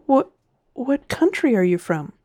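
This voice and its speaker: A woman's voice: on the high side, very animated, a little slow, warm tone, no room sound, studio quality, pitched above the performer's own voice. A woman voicing a weary male spaceship captain who stammers out puzzled questions in a storybook reading. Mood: baffled.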